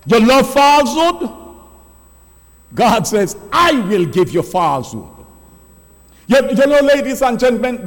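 Emphatic high-voiced man preaching in a hall. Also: a bit bright. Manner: emphatic preaching with repeated words and slow stressed phrases. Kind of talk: sermon.

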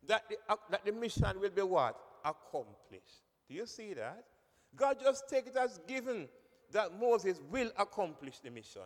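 A man preaching a sermon, emphatic, repeating key phrases and calling on listeners by name. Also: extremely high pitch. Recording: long reverb of a hall.

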